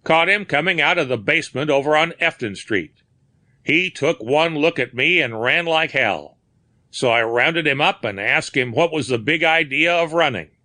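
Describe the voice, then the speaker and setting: A man's voice: a little high, expressive, normal speed, pushed and bright, no echo, pitched above the performer's own voice. A man voicing a brash, sneering young patrolman full of slang. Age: young adult.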